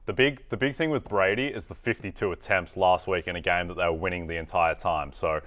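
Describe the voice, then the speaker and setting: A man with an Australian accent co-hosting a fantasy football show, laid-back and measured. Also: low-pitched, a bit bright. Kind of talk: sports analysis chat.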